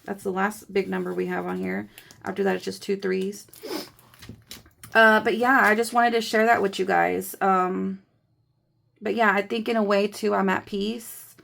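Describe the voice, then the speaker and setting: A woman's voice: mid-range voice, level tone, normal speed, vocal fry, a bit bright. A woman in her thirties chatting casually in a budgeting vlog, rambling and candid, grieving, counting cash aloud between thoughts. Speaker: budgeting vlogger.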